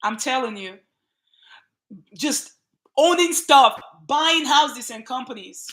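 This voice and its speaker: A woman with a Nigerian accent hosting a casual livestream, greeting viewers by name in an emphatic, lively way. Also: fairly high pitch, slow pace. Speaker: channel host.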